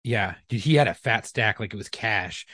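A man's voice: fairly low pitch, lively intonation, normal speed, bright, forceful tone, dry recording, clean studio sound. A man co-hosting a casual podcast, joking, profane and laughing a lot. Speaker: podcast co-host. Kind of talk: casual chat.

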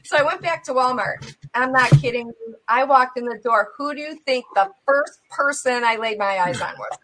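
Animated woman telling a faith story. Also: normal speed, slight background noise. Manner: animated, acts out the dialogue with big jumps in pitch and loudness; loose and conversational, with many fillers. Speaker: guest.

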